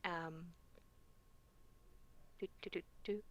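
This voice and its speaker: Woman from Canada, bright clear voice, dry close sound, casual stream chat, lots of ums. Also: fairly low pitch, steady tone, drawn-out words, no room sound, dull audio. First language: not English. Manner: chatty and laughing, many fillers. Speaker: modding stream guest.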